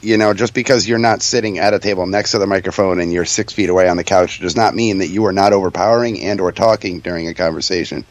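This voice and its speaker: Crude, joking man with a dry, low voice. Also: steady tone, fast, few pauses, no room sound. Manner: joking, crude, laughs often. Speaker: radio show co-host. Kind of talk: casual profane radio chat.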